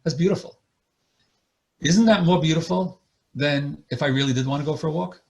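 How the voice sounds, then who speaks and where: A man's voice: a little high, normal speed, vocal fry, a little mellow. A man, a marriage therapist, giving an earnest online lecture over a video call and explaining his points through acted examples.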